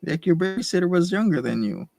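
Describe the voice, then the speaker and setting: A man's voice: sits high, lively intonation, quick pace, vocal fry, darkish tone, no echo. A male host in casual chat, teasing and needling his guest. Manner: needling, mock-threatening.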